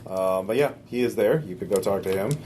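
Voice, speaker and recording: A man running a tabletop game as game master, describing scenes in a relaxed way with many filler sounds. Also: low-pitched, brisk, a little hiss or hum.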